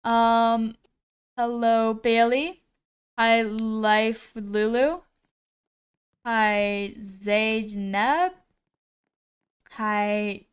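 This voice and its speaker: A woman live-streaming a game, reading names from the chat and greeting viewers one by one, often pausing on how to say them. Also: fairly high pitch, a bit bright, clean tone. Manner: slow, unhurried delivery with frequent "um"s.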